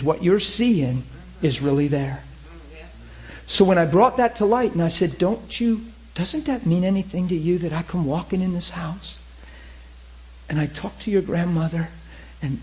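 A man preaching a sermon, telling a story with lively acted-out quotes. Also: fairly high pitch. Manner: animated, acts out quoted voices. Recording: muffled lo-fi sermon recording.

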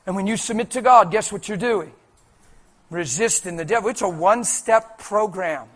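Animated high-voiced preacher. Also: male voice, normal speed, a little hiss or hum. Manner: animated, conversational, colloquial. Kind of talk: sermon.

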